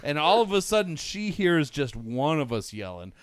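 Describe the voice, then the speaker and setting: A man's voice: fairly high pitch, normal speed, smooth, no room sound, studio quality. Profane, rambling man in his forties. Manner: rambling, profane, animated anecdote teller. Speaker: podcast co-host. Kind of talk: casual storytelling among friends.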